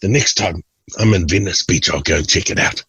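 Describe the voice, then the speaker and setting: A man's voice: sits low, a little fast, pushed and bright, slightly rough, no echo, heavily acted. A man voicing a laid-back male friend who says everything twice, slightly differently. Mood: delighted.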